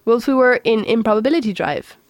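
A woman voicing a calm, clever young female pilot with a bright, patient lilt. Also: fairly high pitch, quick pace, no room sound, muffled recording, pitched above the performer's own voice, lightly acted.

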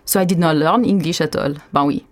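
A woman's voice: deep voice, fast talker. French-accented lady in a jokey fake interview, shrugging everything off, tossing in french fillers. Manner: blasé, offhand, sprinkles French fillers. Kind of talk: comic mock interview.

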